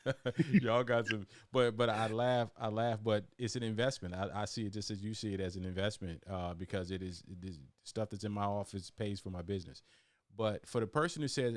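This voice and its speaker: A man's voice: lowish voice, steady tone, brisk, no room sound, clean studio sound. A man hosting a casual video-call interview, chatty, often repeating and restarting his words. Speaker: host.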